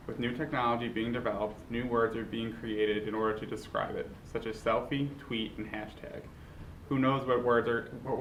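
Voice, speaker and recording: A man's voice: mid-range voice, a bit bright, slight background noise, low-quality recording. A man narrating a school project in a plain, earnest read-aloud manner, with small restarts. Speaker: student presenter.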